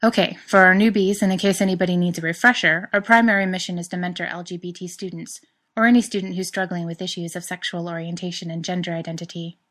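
Lady doing a wisecracking guy professor, teasing, kinda low. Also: fairly even intonation, fast talker, fairly bright tone. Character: playful joking male English professor.

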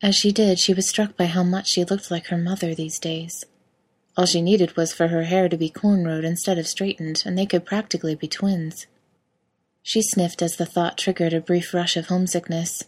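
A woman reading fan fiction aloud in an even, measured narration. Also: lowish voice, slightly rough. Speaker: reader.

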